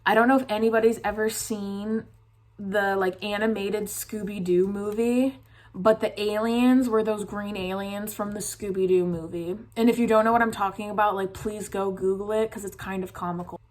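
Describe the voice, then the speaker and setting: A woman's voice: mid-range voice, steady tone, normal speed, darkish tone. Rambling young woman telling a story. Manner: rambling, filler-heavy, uses "like" constantly. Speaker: vlogger. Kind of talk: casual storytime.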